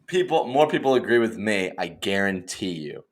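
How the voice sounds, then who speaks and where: A young man co-hosting a casual podcast, excitable and quick to mock outrage, slipping into silly voices. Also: lowish voice. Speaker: podcast co-host. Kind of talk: casual chat.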